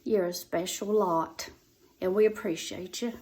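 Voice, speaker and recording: A woman's voice: lowish voice, fairly even intonation, unhurried, warm tone. A woman telling a folksy comic story in a drawl, repeating words for effect.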